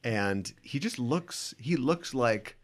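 Lively, joking male podcast host. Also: mid-range voice, slow. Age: young adult. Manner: joking, riffing with playful asides. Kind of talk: casual movie-podcast banter.

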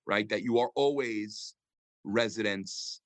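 A man's voice: fairly low pitch, takes it slowly. Thoughtful man lecturing with many ums. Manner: thoughtful, frequent ums, reads verses then translates. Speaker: rabbi teaching a class. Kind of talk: lecture on scripture.

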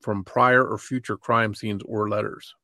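A man co-hosting a podcast, reading a true-crime script in a measured way. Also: on the low side, fairly even intonation, sharp tone, no room sound, clean studio sound. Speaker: podcast co-host.

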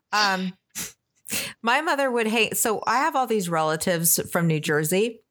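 A woman's voice: medium pitch, fairly bright tone. Hesitant woman podcast co-host. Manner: hesitant, halting with fillers and restarts. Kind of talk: casual chat.

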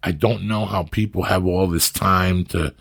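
Deep gravelly profane New man. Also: steady tone, unhurried, fairly bright tone. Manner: profane, blunt, rambling storyteller. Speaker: podcast guest, actor and comic. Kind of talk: casual chat.

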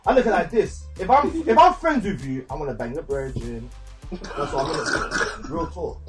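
A man's voice: a little high, very animated, normal speed. A man in a group chat, giving his views bluntly and plainly. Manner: blunt, matter-of-fact. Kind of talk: casual group banter. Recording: distant mic with faint music.

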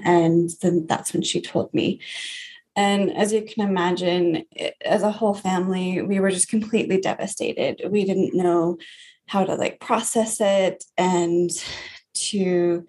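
A woman in her thirties, a grief coach, earnestly telling her personal story in an interview, with soft laughs. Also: on the low side, fairly even intonation, a little slow.

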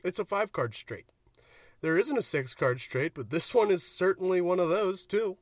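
Animated, jokey man podcast co-host. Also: high voice, normal speed, dry recording, studio quality. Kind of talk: casual movie review chat.

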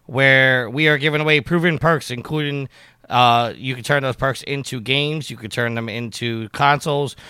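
A man hosting a gaming podcast, reading housekeeping announcements in a brisk, upbeat way. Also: medium pitch, sharp tone, smooth, no room sound. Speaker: podcast host. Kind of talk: casual podcast chat and show announcements.

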